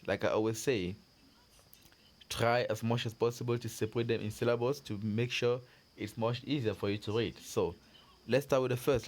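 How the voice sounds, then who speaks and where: A man teaching French pronunciation to learners, repeating words and giving patient encouragement. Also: fairly low pitch. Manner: drills words slowly with repetitions. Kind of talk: slow pronunciation lesson.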